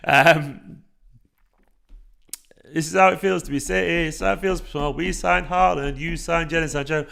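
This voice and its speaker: Chatty lad on a livestream. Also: male voice, a little high, a little slow, creaky, long pauses. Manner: animated, chatty, swearing, frequent fillers and restarts. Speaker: fan channel host reading live chat. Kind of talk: casual livestream chat.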